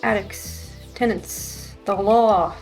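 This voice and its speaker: A woman's voice: medium pitch, fairly even intonation, takes it slowly, music in the background. A woman playing a game with a streamer, chatting casually and laughing often. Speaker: co-player. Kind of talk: casual chat while gaming.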